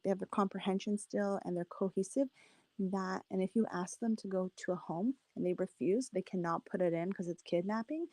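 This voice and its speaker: A woman's voice: mid-range voice, warm tone, no echo. Woman, 30s, faint Boston accent, rambling casual guest, dry sound. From Boston area, later Canada. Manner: chatty, lots of "like" fillers. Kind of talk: casual chat.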